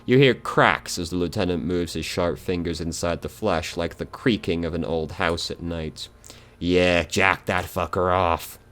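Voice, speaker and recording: A man playing a video game and reading its text aloud in a steady, matter-of-fact way. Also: low-pitched, moderate pace, hardly any pauses. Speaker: let's player.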